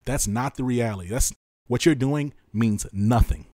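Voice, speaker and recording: A man hosting a solo podcast, talking with passion and frustration, repeating his points for emphasis and swinging between loud stress and tired, quiet drops. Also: medium pitch, normal speed, no echo, studio quality. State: exhausted and frustrated. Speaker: podcast host.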